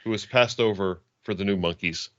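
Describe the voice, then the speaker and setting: Wry, bright-voiced podcast guest man. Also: lowish voice, fairly quick, no echo, muffled recording. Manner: wry, self-mocking humor. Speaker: guest comics writer. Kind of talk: casual podcast chat.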